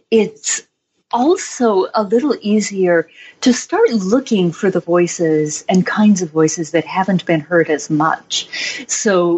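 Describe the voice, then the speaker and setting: A woman author answering interview questions in a reflective, measured way, with fillers and light laughs. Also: fairly low pitch, a little mellow, husky. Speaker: author and guest. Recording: slightly dull, lo-fi sound.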